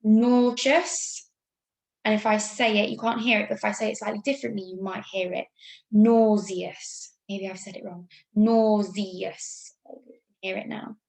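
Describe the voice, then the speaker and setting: A woman's voice: mid-range voice, level tone, creaky, reverberant, poor audio. A woman teacher with an English accent, giving a remote spelling lesson to young pupils in an upbeat, patient way. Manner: upbeat, talks slowly through spelling rules. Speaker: primary school teacher.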